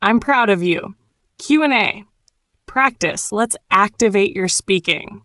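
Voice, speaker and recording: A woman teaching an English lesson, narrating a simple story and gently coaching learners to repeat words, with warm encouragement. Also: medium pitch, expressive, takes it slowly, no echo, studio quality. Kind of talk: slow ESL lesson narration.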